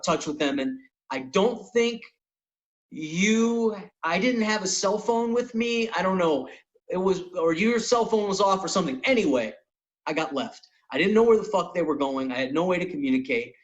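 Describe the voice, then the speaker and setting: Middle-aged male comic host, lively storyteller, slightly higher voice. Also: normal speed, muffled recording. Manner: animated storyteller, acts out quotes. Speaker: podcast host and comedian. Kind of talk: casual storytelling.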